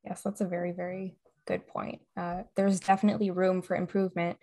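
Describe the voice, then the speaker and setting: A woman's voice: on the low side, level tone, fairly quick, dark tone. A young woman co-hosting a podcast, chatting casually with enthusiasm and frequent laughter. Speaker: podcast co-host. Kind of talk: casual chat.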